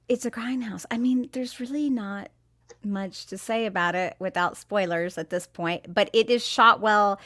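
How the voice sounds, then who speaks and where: A woman's voice: mid-range voice, a bit bright. A woman chatting casually as a panelist on a film review podcast, talking in loose asides and laughing often.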